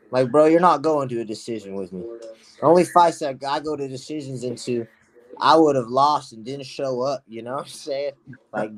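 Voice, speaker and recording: A man, a guest pro fighter, trash-talking brashly and profanely in a casual podcast chat on a close mic. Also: medium pitch.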